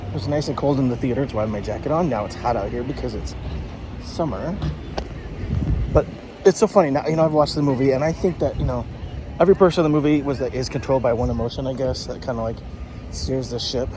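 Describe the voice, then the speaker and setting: A man's voice: medium pitch, noisy background. Blunt, frustrated man vlogging candidly. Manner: frustrated, blunt, swears often. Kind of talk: candid personal vlog. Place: partly outdoors in summer heat.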